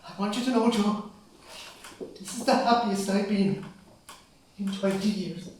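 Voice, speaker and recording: An older man plays a gentle, remorseful, dying father in an amateur stage drama. He speaks softly and haltingly, with a wistful tone. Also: high-pitched, slight background noise. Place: stage in a large hall. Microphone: far camera microphone. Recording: echoey hall from far off.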